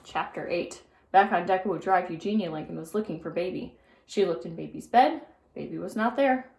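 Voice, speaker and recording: A woman narrating a children's book aloud in an expressive storytelling manner. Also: lowish voice, normal speed, vocal fry. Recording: roomy echo.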